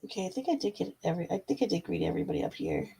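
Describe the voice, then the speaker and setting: A woman hosting a live-stream tarot reading, chatting casually and affectionately with viewers and often filling pauses with "um" and "like.". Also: fairly low pitch, wildly swooping pitch, creaky, warm tone, slightly rough, low-quality recording.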